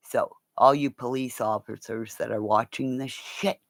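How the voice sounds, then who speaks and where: A woman's voice: measured pace, dry recording, clean studio sound. A woman hosting a casual livestream, rambling and swearing as she chats to her viewers by name. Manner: rambling, profane, talks to viewers; animated, jumps between high and low tones. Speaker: livestream host.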